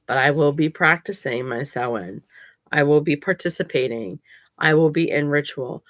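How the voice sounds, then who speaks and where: A woman's voice: low voice, normal speed, no room sound, clean studio sound. A woman explains things in a casual, chatty way, with plenty of fillers. She grows emphatic and insistent when she corrects people. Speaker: pagan vlogger.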